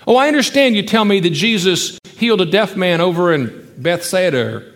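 A man delivering a sermon in a light, high-pitched voice. He preaches emphatically, rising into loud rhetorical questions and then sinking to soft, hushed stretches. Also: animated, normal speed, big-room sound. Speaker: pastor.

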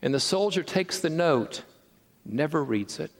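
A man's voice: a little high, a little slow, creaky. Man preaching in a reverberant sanctuary. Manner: animated storytelling with frequent restarts and repeated words. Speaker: pastor. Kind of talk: sermon. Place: church sanctuary. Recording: long reverb of a large sanctuary.

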